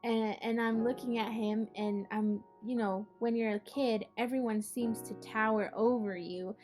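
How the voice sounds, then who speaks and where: Young woman telling a story from her childhood, kinda high voice, lots of likes and you knows, soft music under it. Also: steady tone, a little slow. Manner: casual, with many fillers like "like" and "you know". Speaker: art project host and storyteller. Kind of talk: personal storytelling.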